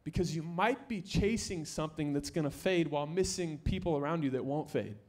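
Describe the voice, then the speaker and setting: A young man with a fairly high voice preaches from the stage of a church, speaking into a microphone. He is lively and playful, and he pushes his voice up loud and high when he wants to drive a point home. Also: fairly quick. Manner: energetic, joking, rising to near-shouts for emphasis. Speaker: pastor. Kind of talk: sermon. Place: church sanctuary.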